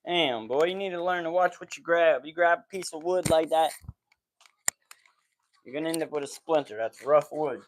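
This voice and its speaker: A man's voice: a little high, normal speed, slight background noise. Man, thirties, football podcast host, casual outdoor chat, slangy, scolds the dog in between. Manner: loose, slangy talk, scolding the kids and dog between chatting to viewers. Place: outdoors at home by the backyard and porch.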